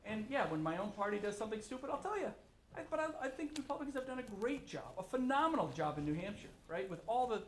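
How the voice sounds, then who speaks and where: A man holds forth as a governor, blunt and ranting, voice pitched high for a man. He speaks fast, and the large room around him rings with echo. A soft ambient hiss sits behind him. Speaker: state governor speaking at a forum. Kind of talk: impassioned public remarks. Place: large echoey room with an audience. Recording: roomy echo.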